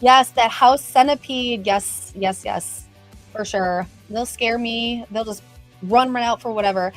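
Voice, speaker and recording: A woman's voice: fairly high pitch, measured pace, soft background music. A middle-aged woman hosting a casual livestream, chatty and bubbly, greeting viewers by name. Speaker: livestream host.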